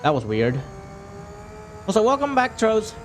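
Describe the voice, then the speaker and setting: High-voiced man chatting on a game stream. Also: huge pitch swings, a little slow, a little hiss or hum. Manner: chatty, reads chat aloud, jokey and profane. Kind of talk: casual gaming stream chat.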